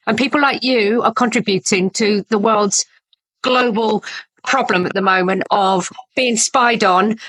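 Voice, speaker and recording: An older woman with a British accent speaks in a high, dry voice. She rants in an agitated, insistent way, repeating her claims over and over as she confronts a stranger about his car. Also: fairly bright tone, dry recording, low-quality recording. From Britain. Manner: agitated, insistent conspiratorial ranting. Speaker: passerby confronting a driver. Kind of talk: street confrontation clip.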